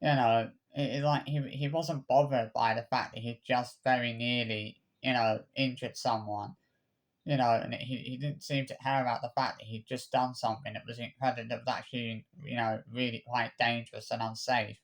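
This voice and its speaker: A man ranting to camera, halting and repeating himself, swearing freely. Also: mid-range voice, level tone. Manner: halting, many stammered restarts and repeated words. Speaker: vlogger. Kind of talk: angry personal rant.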